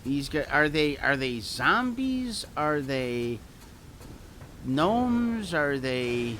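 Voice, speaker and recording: Male player, somewhat high pitch, casual drawl, faint hiss. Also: very animated, extremely slow, pushed and bright. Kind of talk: casual game chat over voice call.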